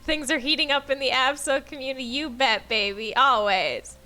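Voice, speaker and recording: A woman's voice: high-pitched, moderate pace, pushed and bright. A young woman streaming a game, joking and teasing in casual banter. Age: young adult. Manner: giggly, teasing.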